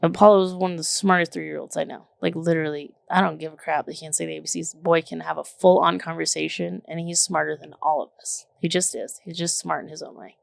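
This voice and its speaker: A woman in her thirties chatting casually on a podcast, telling stories in an animated way with lots of "like" and "literally", swearing now and then. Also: deep voice, quick pace, vocal fry, hardly any pauses, no echo, studio quality. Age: 30s. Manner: animated, filler-heavy storytelling with frequent "like" and "literally". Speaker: podcast co-host. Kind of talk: casual chat.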